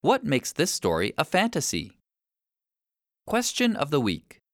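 A narrator reading a children's story aloud in a clear, steady, expressive way. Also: mid-range voice, a little slow, no echo, clean studio sound.

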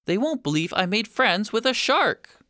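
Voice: mid-range voice, very animated, normal speed, bright, forceful tone, no room sound, clean studio sound, pitched above the performer's own voice. A reader voicing a tiny, kind and cheerful young female turtle in a storybook read-aloud. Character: tiny friendly hurt sea turtle girl.

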